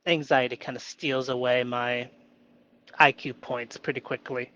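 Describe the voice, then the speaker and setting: Halting, self-questioning man, slow and lo-fi. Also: mid-range voice, flat delivery, bright, forceful tone. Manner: playfully argues with himself in a mock inner voice. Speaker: vlogger reflecting on improv. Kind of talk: solo reflective monologue.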